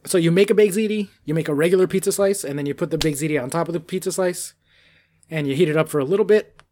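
Animated New man, casual chat. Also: fairly high pitch, fast, slight background noise. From New York. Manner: animated, laughing, swears freely.

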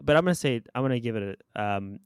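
A man's voice: mid-range voice, expressive, quick pace, clear, resonant tone, no room sound. A man in his twenties co-hosting a movie review podcast, chatting casually and rambling through food analogies. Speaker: podcast co-host. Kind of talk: casual chat.

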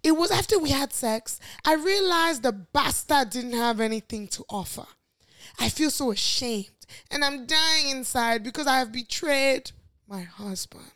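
A woman's voice: high voice, animated, measured pace, fairly bright tone, no echo. A woman reading out a confession in a posh Nigerian accent, voicing a woman in her thirties full of shame. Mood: remorseful.

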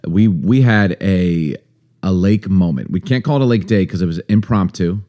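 A man's voice: low-pitched, moderate pace, warm tone. A man co-hosting a podcast in casual chat, joking and teasing his co-host. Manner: joking, teasing, laughs often.

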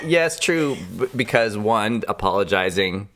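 A man's voice: lowish voice, animated, unhurried, fairly bright tone. A man in his forties co-hosting a podcast with his wife, talking earnestly and stumbling over restarts. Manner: earnest, apologetic, stammers on restarts. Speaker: podcast co-host. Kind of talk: casual chat.

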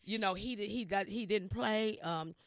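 Woman, 50s, from Inglewood, animated storyteller, dry close mic. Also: medium pitch, moderate pace, dry recording. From Inglewood, California. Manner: animated storyteller acting out quoted voices. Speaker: guest, celebrity hairstylist. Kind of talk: storytelling interview.

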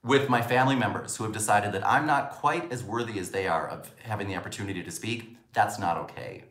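Speaking fast in a voice on the low side, this man teaches communication as a coach and brings quoted lines to life with animated delivery. His lesson is captured with a roomy echo.

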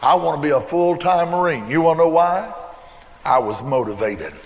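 A man's voice: a little high, a little fast, creaky. An older man preaching a sermon, telling a folksy story from his own past with emphatic repeated refrains. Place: church. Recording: long reverb in a church hall.

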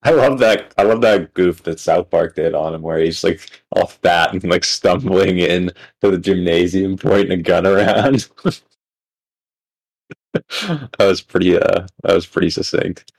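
A man's voice: sits low, a little slow, vocal fry, low-quality recording. A man co-hosting a podcast in casual chat, joking dryly and wisecracking. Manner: dry, wisecracking. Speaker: podcast co-host.

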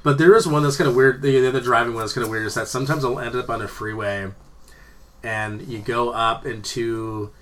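A man's voice: medium pitch, steady tone, fairly quick. A man in casual chat, telling rambling, profane stories with frequent laughter.

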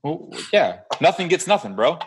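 A man in his thirties in casual chat, talking bluntly and with lots of swearing, getting animated as he goes. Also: on the high side, moderate pace, noisy background. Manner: blunt, profane, animated tough talk.

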